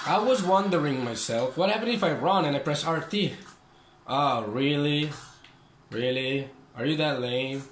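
Speaking unhurriedly in a somewhat high, slightly bright voice, a young gaming channel host jokes and curses through his gameplay and talks trash to the on-screen enemies. The sound is roomy, with a little background noise.

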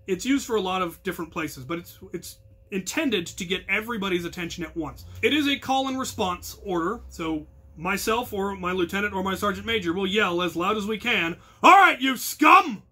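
High, bright-voiced man explaining rules. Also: breathy edge. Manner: earnest, explanatory, with bursts of loud call-outs. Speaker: captain of a hobby combat crew, instructor. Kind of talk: instructional talk explaining protocols.

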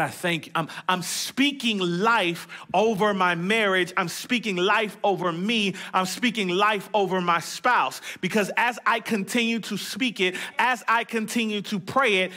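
High bright-voiced preaching pastor. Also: male voice. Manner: conversational preaching with humor and repetition; prays aloud in short emphatic phrases. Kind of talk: sermon.

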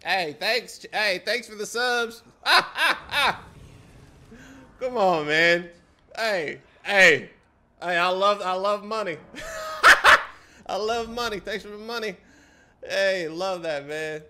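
A man's voice: sits high, a little slow, bright, forceful tone, slight background noise. A young adult man streaming a game live, trash-talking and teasing his chat with a lot of swearing. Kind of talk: live-stream gameplay commentary.

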